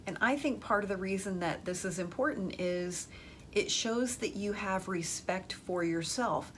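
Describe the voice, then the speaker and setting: A woman's voice: medium pitch, a little slow. A woman talks through dating advice in a podcast monologue. Her voice sits in a middle register. She speaks emphatically but keeps a casual, conversational feel as she turns to her listeners. A faint background hum runs underneath.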